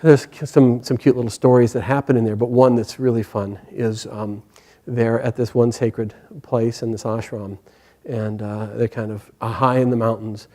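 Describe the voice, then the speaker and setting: Gentle, hesitant male spiritual teacher. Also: mid-range voice, little pitch movement, normal speed. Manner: hesitant, gentle, many fillers. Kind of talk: storytelling spiritual class.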